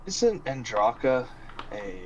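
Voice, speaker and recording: A man's voice: mid-range voice, big pitch swings, slow pace, highs cut off, very noisy. A man playing a tabletop game who jokes and teases the others. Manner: joking, teasing, laughs often. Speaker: player. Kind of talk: casual chat about a tabletop game.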